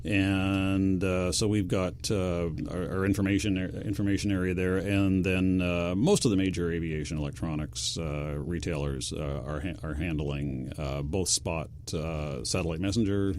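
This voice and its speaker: A man being interviewed on a live radio show who stops often to search for words. His voice is low, with faint background noise. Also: fairly even intonation, normal speed, hardly any pauses, a little mellow. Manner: hesitant, many fillers. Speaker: company representative guest.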